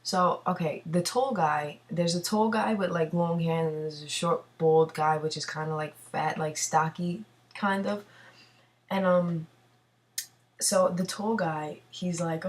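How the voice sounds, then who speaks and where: A young woman tells a story in a rambling, profane, animated way, sitting at a computer in her home bathroom. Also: lowish voice, measured pace, distant mic. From New York City. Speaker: vlogger. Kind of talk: casual storytelling. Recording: voice from away from the mic.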